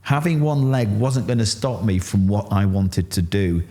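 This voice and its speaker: A middle-aged man with a Yorkshire accent, telling his story candidly in an interview and acting out what others said. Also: moderate pace. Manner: animated, acts out quotes with rising pitch. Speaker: interview guest.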